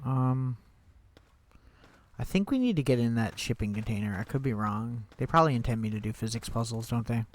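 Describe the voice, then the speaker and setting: A man's voice: medium pitch, brisk. A man streaming a game, thinking aloud in casual commentary with wry, sarcastic asides.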